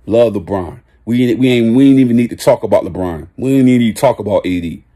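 Husky man doing an animated hoops rant. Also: quick pace. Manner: animated, shifts between low drawl and loud shouts. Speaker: sports vlogger. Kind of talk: excited casual basketball rant.

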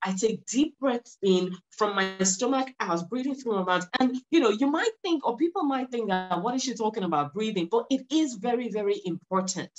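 A woman's voice: on the high side, lively intonation, moderate pace, few pauses, dull audio. A woman, a guest on a podcast interview, speaking earnestly and encouragingly and repeating words for emphasis. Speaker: podcast guest, mindset stylist. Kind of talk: conversational interview.

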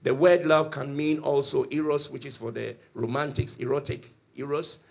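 A male pastor preaching a passionate sermon in church, swinging between loud and soft as he tells the story. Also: mid-range voice, steady tone, moderate pace, vocal fry. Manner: impassioned storytelling with swings in volume.

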